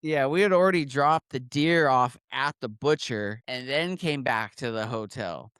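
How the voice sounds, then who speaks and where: A man's voice: medium pitch, moderate pace, clean tone, no echo, studio quality. An American man, a podcast guest, telling a hunting story in casual chat, acting out voices with many fillers. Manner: animated storyteller, acts out quotes, many "like" fillers.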